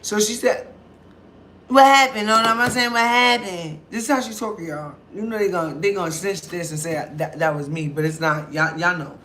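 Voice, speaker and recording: Speaking briskly with few pauses, this woman has a fairly low voice, and there's a faint hiss or hum behind her. She's a vlogger recounting a story in an animated, casual way, mimicking others' voices and cursing without restraint.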